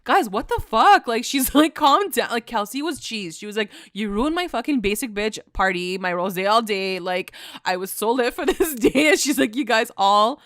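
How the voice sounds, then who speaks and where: A woman's voice: mid-range voice, moderate pace, hardly any pauses, fairly bright tone, dry recording, clean studio sound. A woman co-hosting a podcast, chatting casually and bluntly, and slipping into mocking voices when she quotes people. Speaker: podcast co-host. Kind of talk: casual recap chat.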